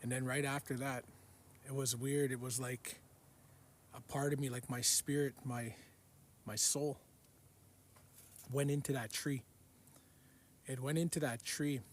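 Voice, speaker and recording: A man telling the story of a vivid dream in an unhurried, repetitive way, often going back over the same words. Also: mid-range voice, little pitch movement. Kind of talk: recounting a dream.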